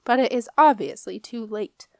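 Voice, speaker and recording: A woman's voice: fairly high pitch, moderate pace, no room sound, studio quality, natural voice. A woman voicing a fussy, indignant woman head clerk in a storybook reading, with a prim manner.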